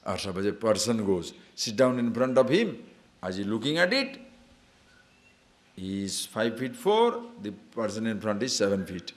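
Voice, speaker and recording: A spiritual teacher with a lowish voice talks at a moderate pace during his discourse. Animated throughout, he shares stories, laughs at them, and asks those listening to see and understand.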